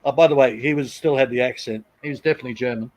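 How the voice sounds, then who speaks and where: A man's voice: medium pitch, racing, a little mellow, low-quality recording. Crude, blunt man. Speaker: live stream host. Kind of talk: casual chat.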